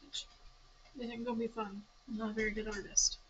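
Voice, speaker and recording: A young woman with a somewhat high voice talks a writing group through plot structure in a public library meeting room. Her tone is casual and chatty, she leans on familiar stories as examples, and she stops to fix her own wording. A light hiss sits under her voice. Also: flat delivery, a little fast, fairly bright tone, lo-fi sound. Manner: chatty, explains through story examples, self-correcting. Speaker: writing club leader.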